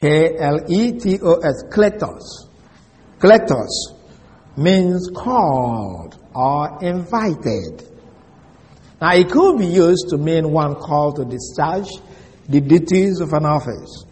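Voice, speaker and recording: Male preacher, mid-high voice, methodical expository teaching, big hall reverb. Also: sing-song, a little mellow. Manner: deliberate, repeats key words, spells them out. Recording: long reverb of a large hall.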